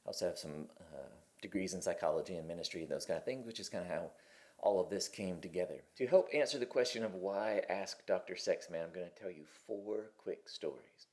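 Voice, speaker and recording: A man in his forties speaks in a fairly low voice, easygoing and candid, stumbling over a word now and then. He hosts his own channel and talks straight to camera from his kitchen table. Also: brisk, darkish tone. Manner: conversational and candid, with restarts. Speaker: host. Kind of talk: casual to-camera talk.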